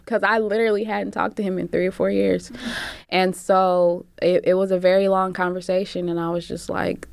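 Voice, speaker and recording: Animated young woman telling a story. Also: fairly low pitch, normal speed, vocal fry, smooth, no room sound. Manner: animated, slangy, acts out quotes. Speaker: recording artist guest. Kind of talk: casual storytelling.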